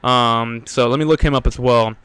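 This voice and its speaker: A man's voice: medium pitch, fairly even intonation, normal speed, fairly bright tone, clean tone, no echo. Winded young man ranting on a sports podcast. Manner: rambling, filler-heavy, blunt and profane. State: out of breath. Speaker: podcast host. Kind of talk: solo sports podcast rant.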